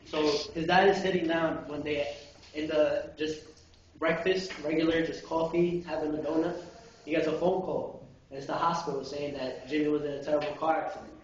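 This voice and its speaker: A man's voice: fairly high pitch, steady tone, a little fast, a little hiss or hum. A young man telling a long joke to friends in a rambling, self-correcting way, heard far from the mic in a dull, roomy recording. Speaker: joke teller. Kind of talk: casual storytelling. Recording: roomy, distant, dull lo-fi amateur video.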